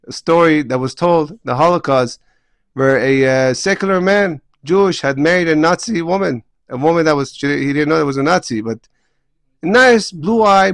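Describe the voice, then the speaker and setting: Impassioned rabbi with a higher voice. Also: male voice, dry recording. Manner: impassioned, acts out quoted voices with rising pitch. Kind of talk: weekly Torah lesson.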